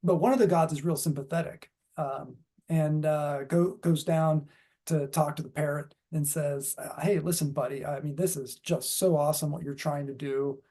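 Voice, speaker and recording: A man's voice: a little high, steady tone, normal speed, dark tone. A man giving a dharma talk in a casual, rambling way with many fillers and restarts. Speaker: dharma speaker.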